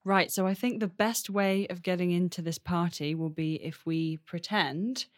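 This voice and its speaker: A woman's voice: fairly low pitch, steady tone, normal speed. A woman playing a tabletop role-playing game, laying out the group's plan and taking charge. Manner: takes charge of the group's plans. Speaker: player.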